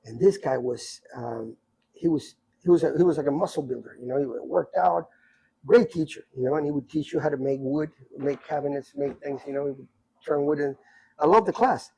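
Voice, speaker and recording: A man in his sixties telling rambling, animated stories from his youth in a casual podcast chat. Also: a little high, a little fast, gravelly, husky, poor audio. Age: 60s. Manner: rambling, animated anecdotes with many asides. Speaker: podcast guest storyteller. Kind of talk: casual storytelling.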